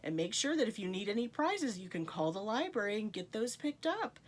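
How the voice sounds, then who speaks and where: A woman's voice: medium pitch, big pitch swings, fairly quick. A woman reading a picture book aloud to children, with playful asides to her young listeners. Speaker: storytime reader.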